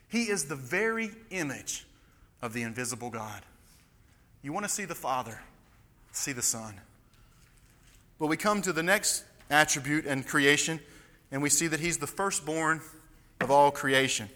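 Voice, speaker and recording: A man preaching an expository sermon with a tense, hard-driving voice set a little high. He grows emphatic and fervent as he presses his points. The sound rings with the long reverb of a large church hall. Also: expressive, moderate pace, pauses often, sharp tone.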